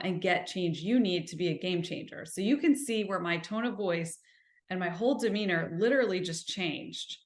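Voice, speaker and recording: An earnest woman hosts a self-help podcast, coaching her listeners and asking them rhetorical questions along the way. Her voice sits slightly low, and the room around her has a noticeable echo. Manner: slows and softens when describing gentle listening. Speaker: podcast host.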